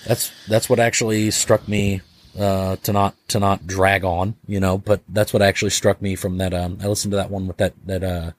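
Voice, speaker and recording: A man speaking as a podcast guest in a slightly low voice, rambling through loose casual talk full of "like" and offhand swearing. He slips into little acted-out exchanges as he goes. The recording is dry and close, with no room sound. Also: little pitch movement, moderate pace, dry recording. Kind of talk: casual conversation.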